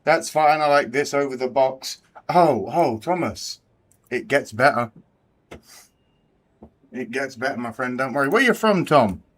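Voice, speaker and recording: A man's voice: medium pitch, lively intonation, measured pace, long pauses, a bit bright. An English man hosting a live race watch party, bantering with his chat and swearing freely. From England. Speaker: livestream host.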